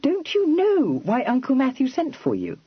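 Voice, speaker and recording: A man voicing a spirited, quick-tempered young Regency heiress in an audiobook, talking in an impatient, exclaiming rush. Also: very high-pitched, huge pitch swings, husky, no room sound, lo-fi sound, voice pushed up, full character voice. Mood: urgent.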